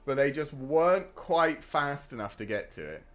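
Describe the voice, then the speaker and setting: A man's voice: mid-range voice, sing-song, normal speed, a bit bright, soft background music. A British man in his thirties, a streamer chatting to viewers while playing a card game. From Britain. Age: 30s. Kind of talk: casual gameplay commentary.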